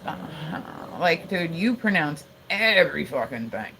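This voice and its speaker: A woman's voice: low-pitched, big pitch swings, measured pace, creaky, noisy background. A woman live streaming in casual chat, rambling with lots of fillers, laughter and swearing.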